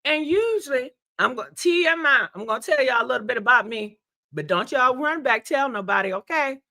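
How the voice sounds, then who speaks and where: A livestream host chats with her viewers in an animated way, laughing often and calling them y'all and honey. Her high, bright voice is roughened by a throat congested from being sick, and she talks briskly. The sound is close and dry, with no room sound.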